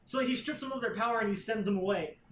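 Guy with a kinda high voice rambling and swearing thru a story recap, roomy echoey room. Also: fast talker, fairly bright tone, a little hiss or hum. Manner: rambling, profane, acts out characters' lines. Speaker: podcast co-host. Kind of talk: casual chat, recapping a comic plot. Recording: roomy echo.

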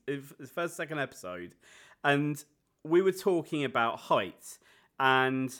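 A man in his thirties co-hosting a casual podcast chat. He swears freely and takes offence quickly. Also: a little high, fairly bright tone. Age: 30s. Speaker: podcast co-host.

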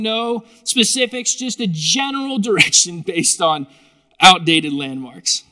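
A man preaching a sermon to a live congregation in a lively, joking, conversational way. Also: high-pitched, takes it slowly. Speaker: pastor.

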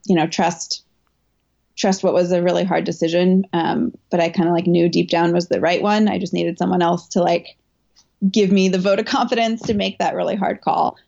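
A woman's voice: fairly low pitch, fairly even intonation, moderate pace, gravelly, darkish tone, highs cut off. A woman runner and coach recounting a race in an interview, talking in a candid, emotional way full of fillers and restarts. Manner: chatty, filler-heavy, emotional retelling. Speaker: elite marathon runner and coach.

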